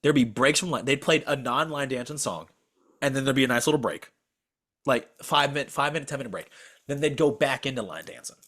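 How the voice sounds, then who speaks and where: A man's voice: mid-range voice, brisk, fairly bright tone. A young man co-hosting a podcast over a video call, telling a story as a profane, exasperated rant. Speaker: podcast co-host.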